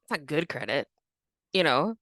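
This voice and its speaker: Bright, lively woman co-host reacting. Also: low voice, dry recording, studio quality. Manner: quick reactive backchannels, playful. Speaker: podcast co-host. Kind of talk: casual conversational reactions.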